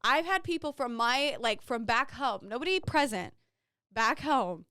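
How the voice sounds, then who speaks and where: A woman's voice: fairly high pitch, animated, a little slow, bright, forceful tone, clean tone, no echo, clean studio sound. A young woman co-hosting a podcast, talking bluntly and swearing freely in casual chat. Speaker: podcast co-host.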